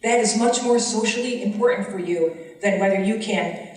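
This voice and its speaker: A woman's voice: medium pitch, moderate pace. A woman who teaches special education, giving earnest, impassioned public testimony at a legislative forum. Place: large hearing room. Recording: echoey hall from far off.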